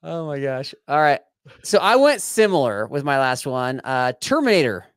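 A man's voice: medium pitch, very animated, normal speed, clean tone, no room sound, clean studio sound. A man co-hosting a casual podcast, teasing his partner in a playful way and laughing often. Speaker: podcast co-host.

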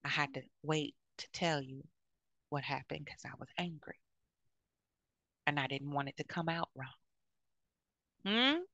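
A woman's voice: low-pitched, unhurried, long pauses, sharp tone, no room sound, dull audio. A woman in her fifties giving blunt, outspoken advice to other women, often checking in with "okay?". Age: 50s. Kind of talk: frank advice monologue.

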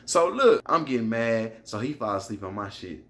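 Man with a bright, forceful voice and a mid-range pitch, telling a casual, animated, swear-heavy story to the camera. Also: moderate pace. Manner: animated, profane, addresses listeners directly.

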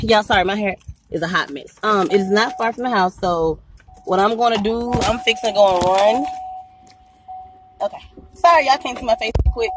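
A woman, chatting excitedly to her viewers while driving, a little out of breath and laughing often. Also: on the high side, noisy background. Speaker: vlogger and mom. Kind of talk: casual vlog talk to viewers. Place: inside a car while driving. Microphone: handheld phone camera.

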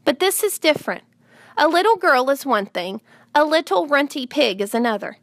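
Woman reading a gentle, firm farmer father. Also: high voice, sing-song, normal speed, no echo, clean studio sound, exaggerated voice.

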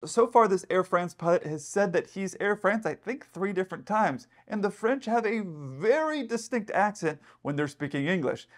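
A man's voice: high voice, lively intonation, moderate pace, few pauses. A man who is an airline pilot, casually talking through an incident and guessing aloud at what went wrong. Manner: chatty, explanatory, speculating aloud. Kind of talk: casual commentary.

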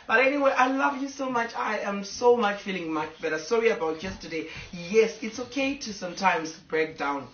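A woman's voice: medium pitch, a little fast, hardly any pauses, a bit bright, distant mic, dull audio, a little hiss or hum. Emotional woman on a roomy live stream. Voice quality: emotional, rambling. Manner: talks to fans, stops to scold her dogs. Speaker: social media personality. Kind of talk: casual live video to fans. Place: home with a fireplace.

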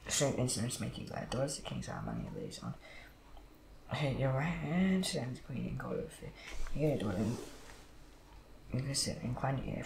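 A man reading Bible passages aloud at a steady pace, with occasional slips and restarts. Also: medium pitch, gravelly. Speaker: Bible reader. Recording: echoey room with background noise.

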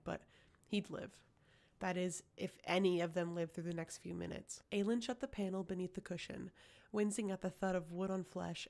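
A woman reading a fantasy novel aloud as an audiobook, with steady, even storytelling. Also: lowish voice, gravelly. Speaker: audiobook reader. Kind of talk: audiobook narration.

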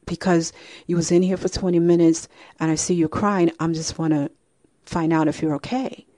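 A woman's voice: lowish voice, steady tone, normal speed, dark tone, no echo, studio quality, lightly acted. A woman voicing a pleading, bewildered mother. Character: distressed mother pleading with her grown daughter.

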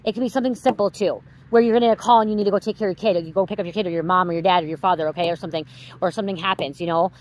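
A woman's voice: on the low side, fairly even intonation, rapid-fire, rough recording. A woman in her thirties or forties, a tarot reader venting in a casual vlog, swearing and tagging "okay?" onto her sentences.

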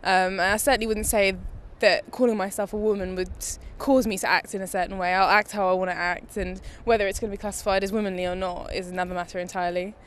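A woman's voice: medium pitch, fairly even intonation, fast, hardly any pauses, a little hiss or hum. A woman answering an interview question confidently and assertively. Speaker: student interviewee. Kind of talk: street vox pop answer.

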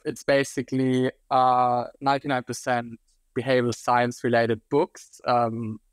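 A young man with a German accent, talking as a podcast guest. He rambles a little, circling his points with fillers and hedges. His voice sits at an ordinary pitch and sounds close and dry. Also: no echo. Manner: loose, hedging, many fillers. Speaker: guest expert. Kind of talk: casual interview answers.

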